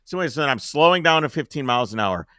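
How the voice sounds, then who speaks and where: A man at a podcast mic spins a story in a loose, casual way, swearing freely and acting out each scene. His pitch swings widely as he talks, and the recording is dry and close with no room sound. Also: lively intonation, racing, pushed and bright, clear, resonant tone, no room sound.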